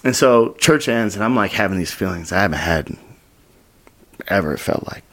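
A young man in his twenties from Utah, telling his story as a podcast guest, acting out quotes with whispers and sudden high bursts. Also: lively intonation, normal speed, a bit bright. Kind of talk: storytelling in casual interview.

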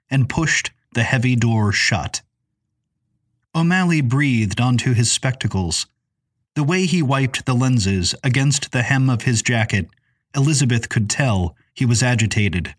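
A man reading a novel aloud as narrator, in a measured, descriptive way. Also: mid-range voice. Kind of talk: scripted audiobook narration.

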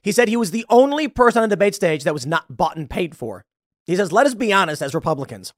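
A man's voice: high voice, big pitch swings, fast talker, no room sound, studio quality. A man hosting a political commentary show, talking in a blunt, emphatic, conversational way. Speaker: show host.

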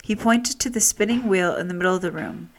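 A woman storyteller reading a fairy tale aloud with steady, expressive delivery. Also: on the low side, brisk.

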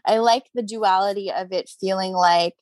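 A young woman talks easily in a casual interview, bubbly and loose, her sentences strung together with fillers and small laughs. Her pitch sits mid-range for a woman, and the recording is dry and close with no room sound. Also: fairly even intonation, normal speed, a little mellow, no echo. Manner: chatty, upbeat, lots of "like" and "you know" fillers, frequent laughs. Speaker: guest, crystal seller.

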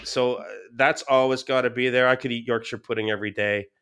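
A man, a podcast guest, telling stories in a casual, animated way, with many restarts. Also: mid-range voice, fairly quick, clean tone. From Scottish and English family. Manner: animated, quotes people in raised voices, many restarts. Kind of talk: casual storytelling.

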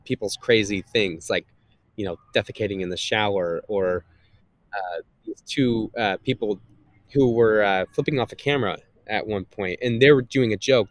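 A man's voice: lowish voice, dry recording. A man, a guest and content creator, chatting casually in an interview with a slightly nasal voice, rambling with many fillers and restarts.

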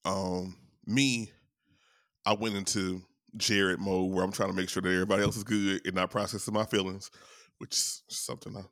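A man's voice: deep voice, flat delivery, normal speed, fairly bright tone, no room sound, studio quality. A young adult man hosting a podcast, chatting casually, laughing often and swearing freely as he tells stories. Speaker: podcast host. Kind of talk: casual chat.

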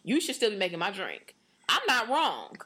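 Animated young woman telling stories. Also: mid-range voice, moderate pace. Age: young adult. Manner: animated storytelling, acts out quotes in varied voices; frequent fillers like "like" and "you know". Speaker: podcast co-host. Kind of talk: casual chat.

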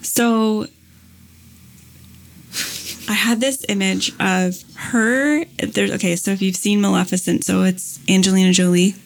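A woman's voice: mid-range voice, a little slow, vocal fry, pauses often. A woman chatting casually as a podcast guest, telling a long story with lots of "like" and "um". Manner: animated storytelling with many fillers. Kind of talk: casual chat.

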